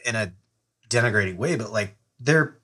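A man's voice: fairly low pitch, lively intonation, normal speed, bright, forceful tone. A man, an army veteran and podcast guest, talking bluntly in casual chat with many restarts. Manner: blunt, swears, hesitant restarts.

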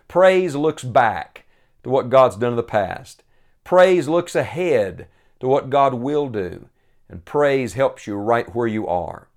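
A man preaching a sermon, earnest and emphatic, slowing down to stress key phrases and reading scripture aloud. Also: mid-range voice.

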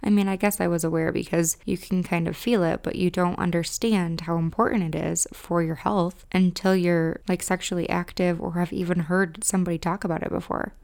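A woman's voice: lowish voice, fairly even intonation, brisk, creaky, few pauses, a little mellow. A young woman in her twenties with a Midwestern accent, hosting a podcast and chatting frankly with lots of "like" fillers. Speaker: podcast host and romance specialist. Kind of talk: casual podcast monologue.

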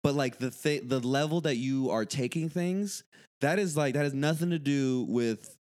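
A man's voice: mid-range voice, moderate pace, darkish tone. A young man in his twenties talks loosely on his podcast, full of fillers and swearing. His voice sits in an ordinary male middle range. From Houston, USA. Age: 20s. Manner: loose, profane, rambling with frequent fillers and laughter. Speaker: podcast host and comedian. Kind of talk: casual podcast chat.

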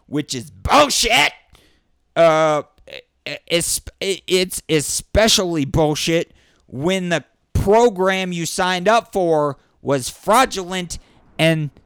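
A high-pitched man delivers a fast, profanity-laced rant, flaring into shouted outbursts. His voice is smooth and clear, recorded close and dry with no room sound. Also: expressive, dry recording. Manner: angry, sweary, ranting with bursts of shouting. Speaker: vlogger. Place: indoors during a thunderstorm.

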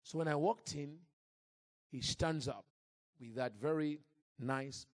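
A man preaching a sermon into a microphone in church, telling a story in a lively, acted-out way. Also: on the high side, slow pace, no echo, clean studio sound. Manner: animated, acts out scenes and jokes with the crowd. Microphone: handheld or stand mic.

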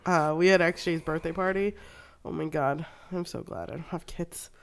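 A woman's voice: low-pitched, fairly even intonation, moderate pace. Laughing, swearing woman telling stories. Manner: storytelling, swears freely, laughs often. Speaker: podcast co-host. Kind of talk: casual chat.

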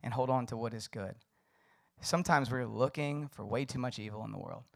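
A man's voice: medium pitch, fairly quick, vocal fry. A young adult man preaching a conversational sermon, loose and casual with many fillers. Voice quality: casual, filler-heavy delivery with frequent "like". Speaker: pastor.

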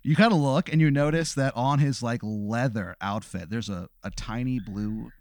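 A male podcast co-host improvises a comic hypothetical story. He narrates in a loose, rambling way and leans on fillers, at an ordinary pitch. The recording is dry and close. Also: normal speed, a little mellow, no echo. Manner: rambling, filler-heavy second-person narration.

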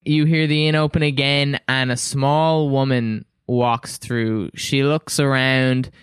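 A man's voice: mid-range voice, fairly even intonation, takes it slowly, clear, resonant tone, no echo, clean studio sound. A man narrating a tabletop game as game master, in an easygoing, casual way.

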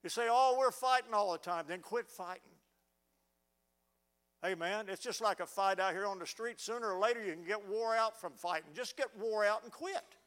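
A man's voice: high voice, normal speed, a bit bright. A middle-aged man preaching a fervent sermon, often stammering as he restarts words. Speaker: pastor. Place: church sanctuary.

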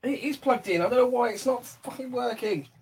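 A man co-hosting a casual live-stream chat, relaxed and swearing casually while running a quiz, on a laptop mic. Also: extremely high pitch, fairly quick, breathy edge. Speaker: podcast co-host.

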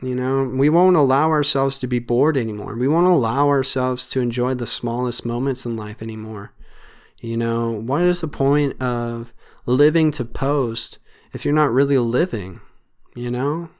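A man's voice: mid-range voice, normal speed, clean tone. A man hosting a solo podcast, talking in an earnest, rambling way with many fillers. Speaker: podcast host.

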